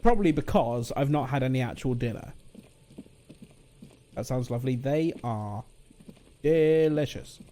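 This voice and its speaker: A man's voice: medium pitch, lively intonation, measured pace, long pauses, dark tone. A British man streaming a game, chatting and joking in a casual, playful way. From Britain. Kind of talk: casual gaming commentary.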